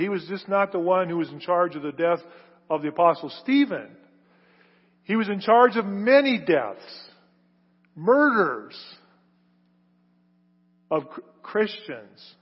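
Husky-voiced preacher in a reverberant hall. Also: male voice. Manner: emphatic, builds to loud stressed phrases then drops low. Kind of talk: sermon. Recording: reverberant hall, dull lo-fi sound.

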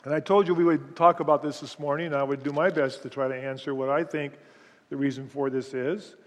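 A man's voice: on the high side, steady tone, fairly quick. A man, a pastor, teaching through a passage of scripture in sermon style, explaining it step by step for his congregation. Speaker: pastor teaching a Bible study. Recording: long reverb of a large hall.

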